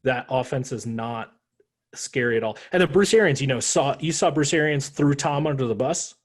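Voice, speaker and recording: A man co-hosting a casual sports podcast, ranting with animated, profane jokes. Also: mid-range voice, normal speed. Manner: animated, profane, joking rants. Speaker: podcast co-host.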